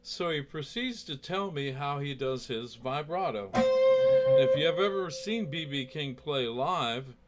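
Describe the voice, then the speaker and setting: A man's voice: on the high side, huge pitch swings, unhurried. A man who plays guitar telling a story in a rambling, chatty way, full of asides. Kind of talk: casual storytelling.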